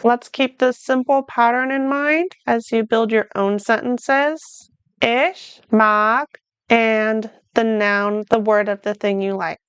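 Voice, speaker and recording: A woman teaching a beginner language lesson, modeling short phrases slowly and then explaining them in plain words. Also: fairly high pitch, fairly even intonation, fairly bright tone, smooth, no echo. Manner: speaks slowly and carefully, models German phrases then translates. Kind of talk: slow, clear beginner lesson.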